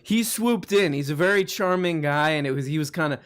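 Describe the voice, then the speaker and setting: A man's voice: on the high side, fairly quick, clean tone. A man hosting a casual live show, rambling with lots of fillers and restarts and teasing his guest. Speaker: host.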